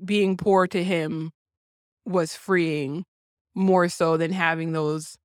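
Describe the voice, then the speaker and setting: A woman talking casually about a film, thinking out loud with lots of restarts and hedging. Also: on the low side, steady tone, slow, clean tone, no room sound, clean studio sound. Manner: thoughtful, rambling, many restarts.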